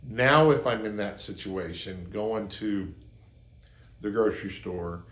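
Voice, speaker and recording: Speaking slowly in a lowish, fairly bright voice with noticeable reverb, a relationship advice host addresses the camera. He offers his viewers a personal story as guidance, earnest throughout, performing the quoted lines.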